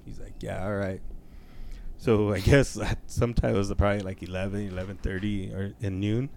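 A man with a lowish voice tells a long shaggy-dog story among friends. He swears freely, leans on slang and jumps into the voices of the people he quotes. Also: flat delivery, a little fast, creaky, a little mellow. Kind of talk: casual joke-telling chat.

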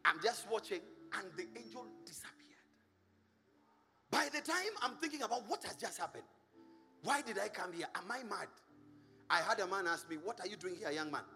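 A middle-aged man from Kenya, a pastor preaching a sermon, animated, with singsong shouts and laughing asides to the congregation. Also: high voice, moderate pace, vocal fry, pauses often, big-room sound, soft background music.

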